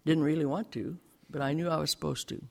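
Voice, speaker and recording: A man's voice: on the high side, fairly even intonation, quick pace, gravelly. An older man telling a personal testimony to a church congregation, bringing the story to life by acting out the dialogue. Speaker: lay speaker giving a testimony in church.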